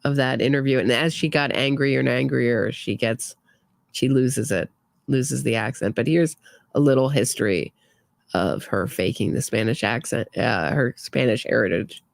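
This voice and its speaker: A woman's voice: extremely low pitch, moderate pace, creaky, dry recording, clean studio sound. A woman hosting a true crime commentary, talking casually and sarcastically with frequent restarts. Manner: opinionated, sarcastic, trailing restarts.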